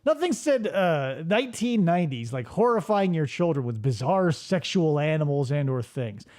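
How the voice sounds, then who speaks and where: A man's voice: on the high side, big pitch swings, moderate pace, darkish tone. A man hosting a radio show, casually joking and swearing while reacting to old commercials. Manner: joking, profane, riffing.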